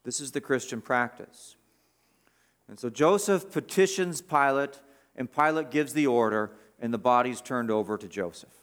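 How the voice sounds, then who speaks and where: A man's voice: mid-range voice, normal speed, clear, resonant tone. A man preaching an expository sermon, reading scripture aloud with stressed words and repeating his key phrases for emphasis.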